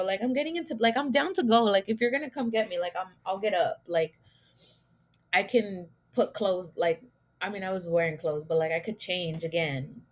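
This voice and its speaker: A young woman hosting her own podcast, rambling through a casual story with lots of filler words and swearing. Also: mid-range voice. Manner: rambling, heavy use of "like", swearing, laughing at herself. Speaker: podcast host.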